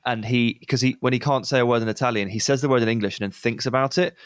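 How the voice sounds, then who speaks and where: A man co-hosting a casual sports podcast, relaxed and reflective in tone. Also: mid-range voice, fast, smooth, no room sound, studio quality. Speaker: podcast co-host.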